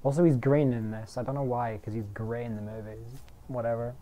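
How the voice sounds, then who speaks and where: Ranting man with a dark voice. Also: mid-range voice, fairly even intonation, a little fast. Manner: sweary, rambling, exaggerated indignation with stammered restarts. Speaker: video maker. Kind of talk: comic mock-outraged rant.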